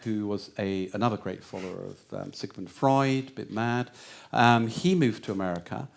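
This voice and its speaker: A man's voice: fairly low pitch, normal speed, creaky. A man giving a lecture answer, meandering with many fillers and restarts.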